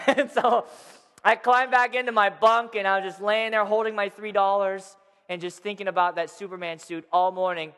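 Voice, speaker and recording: A man in his thirties telling a personal story to a live audience in a playful, animated way, asking the crowd questions as he goes. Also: high voice, moderate pace. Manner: playful, addresses the crowd directly. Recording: long hall reverb.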